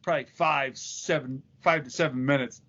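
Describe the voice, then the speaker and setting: A man's voice: medium pitch, steady tone, moderate pace, a bit bright. A man co-hosting a podcast in casual chat, joking, swearing and telling anecdotes. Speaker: podcast co-host. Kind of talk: casual profane banter. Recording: dull lo-fi recording.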